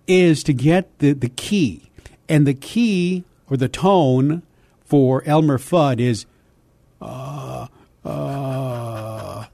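Animated older male voice actor. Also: on the high side, no echo. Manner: animated, slips into character voices. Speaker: voice actor guest. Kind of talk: storytelling interview.

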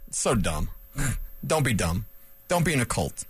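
Man, sports talk radio host, wisecracking, rambling, lively swooping pitch, dry close studio mic. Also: measured pace, long pauses, breathy edge, dry recording. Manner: animated, wisecracking, rambling asides.

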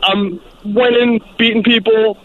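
A man from Massachusetts calling into a radio show, telling a lively story of his youth. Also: high-pitched, a little slow. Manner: animated storyteller. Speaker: caller. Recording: lo-fi phone line.

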